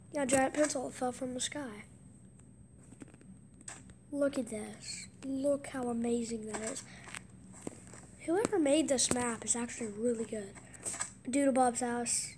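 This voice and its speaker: An excitable woman casually commentating a game, gasping with surprise and slipping into hushed asides. Her voice is high, and she talks at an unhurried pace. There is a faint noise underneath. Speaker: gameplay commentator.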